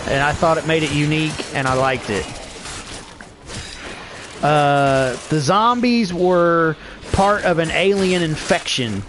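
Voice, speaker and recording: A man's voice: a little high, slow pace, long pauses, noisy background. A middle-aged man chatting casually while playing a game, rambling and swearing freely with frequent laughs. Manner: rambling, profane, laughs often. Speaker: gaming vlogger. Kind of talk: casual gameplay chat.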